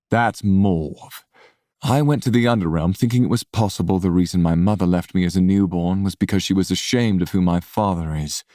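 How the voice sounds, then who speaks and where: An actor playing a brooding, scarred half-god man who speaks in a low, quiet, restrained way in an audiobook. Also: no echo, studio quality, natural voice.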